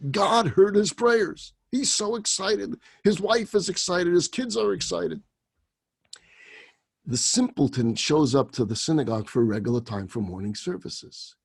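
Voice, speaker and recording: A rabbi telling a story in a sermon, animated and dramatic. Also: male voice, high voice, measured pace, breathy edge.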